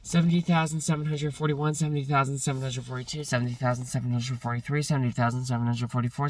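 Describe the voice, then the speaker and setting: A man's voice: mid-range voice, no echo, far from the mic. A man counting numbers aloud in a long solo stream, rattling them off by rote and correcting his slips. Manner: rapid rote counting with slips, self-corrections and bursts of swearing frustration.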